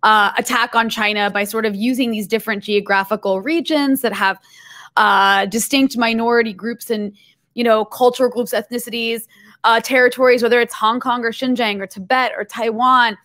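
A woman's voice: on the high side, steady tone, normal speed, fairly bright tone. A woman hosting a podcast interview, asking long, winding questions with fillers. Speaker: podcast host.

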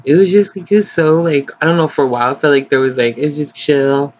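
A man casually commenting as he plays a life-sim game, chatty, excitable and gossipy, recorded on slightly dull lo-fi audio. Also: on the high side, fairly quick, slight background noise. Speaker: gaming channel host. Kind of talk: casual let's play commentary.

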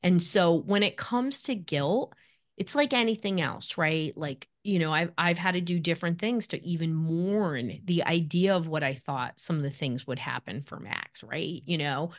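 Woman, middle-aged, expert guest, slightly low voice, animated, acts out quotes. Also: measured pace. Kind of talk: podcast interview.

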